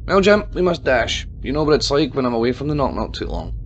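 A man's voice: sing-song, fast, muffled recording, a little hiss or hum, lightly acted. A man voicing a sneering female crime boss. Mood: taunting. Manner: low, taunting and mocking.

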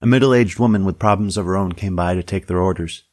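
A man's voice: deep voice, quick pace, a little mellow, no room sound. A man narrating a story in a dry, wry storytelling manner.

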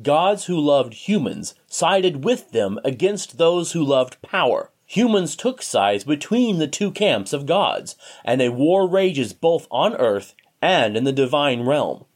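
A man reads a story aloud in a steady, expressive narration. His voice sits slightly high and moves with lively, animated pitch. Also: takes it slowly, hardly any pauses.

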